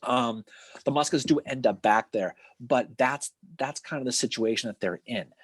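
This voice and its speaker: A man co-hosting a casual history podcast, retelling events with lively acted-out quotes and casual swearing. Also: medium pitch, moderate pace, husky, no echo. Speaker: podcast co-host.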